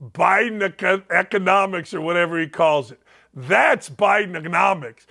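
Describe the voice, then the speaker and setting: Middle-aged male talk host, rambling and sarcastic, high pitched with a gravelly edge. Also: normal speed, pushed and bright. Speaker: sports talk show host. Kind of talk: opinionated sports and politics talk show.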